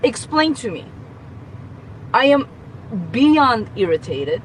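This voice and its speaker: A woman's voice: a little high, very animated, takes it slowly, a little hiss or hum, rough recording. A woman ranting into her phone camera from inside a car, exasperated and swearing. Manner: exasperated, swearing, rising to outbursts. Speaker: nail tech venting as a customer. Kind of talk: casual rant to phone camera.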